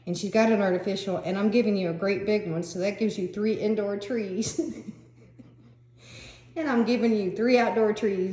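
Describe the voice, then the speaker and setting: An older woman crafter vlogging in a rambling, casual way, chatty and quick to laugh, with fillers between thoughts. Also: medium pitch, fairly even intonation, warm tone. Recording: roomy echo.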